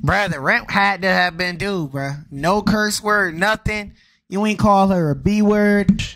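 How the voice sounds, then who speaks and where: A man's voice: sits high, unhurried, a bit bright. A young man streaming a reaction, mocking the clip in slangy, laughing casual talk.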